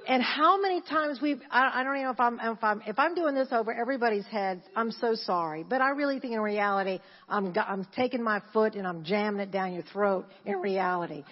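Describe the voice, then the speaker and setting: Woman pastor in her sixties, fairly high voice, lively, chanting preacher; dull mic, hall reverb. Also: a little fast, hardly any pauses. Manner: animated, laughing, repeats phrases, chants. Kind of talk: sermon. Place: church.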